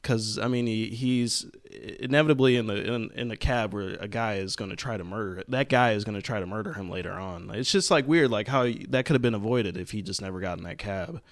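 A man's voice: fairly low pitch, a little fast, hardly any pauses. Laid-back man chatting about movies. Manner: laughs often, many restarts, loose and profane. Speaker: podcast co-host. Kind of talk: casual chat.

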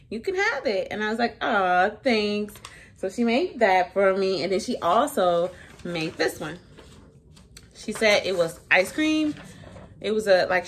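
A woman's voice: mid-range voice, slight background noise. Chatty woman teacher vlogging casually. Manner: chatty, slangy, laughing often. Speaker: elementary school teacher. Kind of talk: casual vlog.

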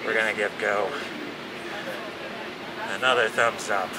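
A man's voice: lowish voice, fairly even intonation, measured pace. A man casually talking to camera as a travel vlogger at a train station, upbeat and chatty with his viewers. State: out of breath. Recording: outdoor noise, camera mic.

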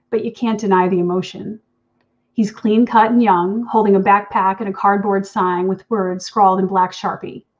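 A woman's voice: medium pitch, highs cut off. Woman reading her own horror story. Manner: intimate second-person storytelling, wry and anxious. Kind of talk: reading fiction aloud at an online event.

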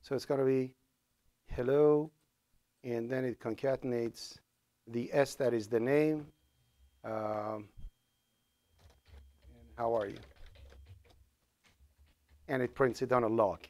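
A man's voice: medium pitch, steady tone, slow, pauses often, darkish tone. A man lecturing a class on programming as he codes live, with a Persian accent, thinking aloud and correcting himself as he goes. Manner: thinks aloud while coding, with fillers and self-corrections.

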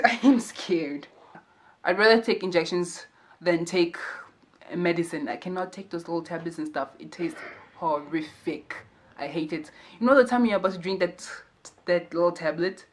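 A young woman chatting casually and jokingly while she does her makeup for a vlog. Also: low-pitched. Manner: chatty, jokey, playful voices and asides. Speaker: vlogger. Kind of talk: casual get-to-know-me chat while doing makeup.

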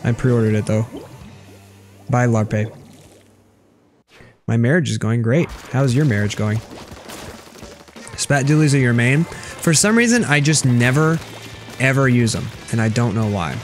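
A man's voice: mid-range voice, lively intonation, unhurried, pauses often, faint music behind. A young man streaming a video game, chatting casually and sarcastically with viewers as he plays. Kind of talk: casual gameplay commentary reading chat.

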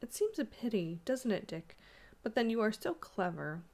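A gentle young wife, playful and affectionate, from a Victorian ghost story read aloud by a woman. Her lines come lilting and sweet, rising a little above the reader's own register. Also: mid-range voice, very animated, normal speed. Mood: sweet, teasing.

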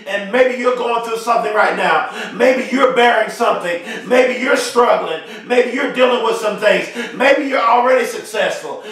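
Emphatic man shouting motivational affirmations. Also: high voice, a little hiss or hum. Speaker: motivational speaker. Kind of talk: motivational speech. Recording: very echoey, far from the mic.

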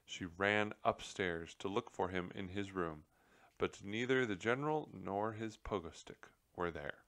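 Slow, deep-voiced man reading a storybook. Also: no echo, clean studio sound. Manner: gentle storytelling with character voices. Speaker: read-aloud narrator. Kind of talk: children's book read-aloud.

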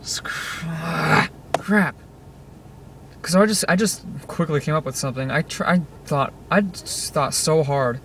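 A man's voice: a little high, normal speed, hardly any pauses, a bit bright, distant mic. Rambling teenage guy venting in his car. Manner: rambling, frustrated, many restarts and fillers. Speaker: vlogger. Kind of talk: casual video diary. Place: parked car. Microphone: handheld camera set on dashboard. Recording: car interior with outside noise. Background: car and traffic noise.

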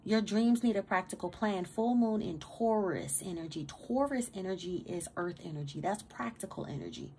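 A woman's voice: mid-range voice, moderate pace, hardly any pauses, darkish tone, a little hiss or hum. A woman giving a casual tarot reading to her viewers, emphatic and streetwise, swearing freely and stammering on repeated words in a motivational pep talk. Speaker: tarot reader.

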